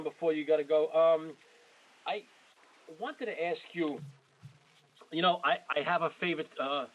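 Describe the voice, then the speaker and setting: Forty-something guy hosting a chat, gushing and rambling, kinda high voice, dull muffled sound. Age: 40s. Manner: effusive, rambling, repeats himself. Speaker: podcast host. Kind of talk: casual interview.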